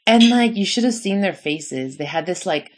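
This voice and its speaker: Young woman, deep voice, casual chat, animated storytelling, filler-heavy. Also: normal speed.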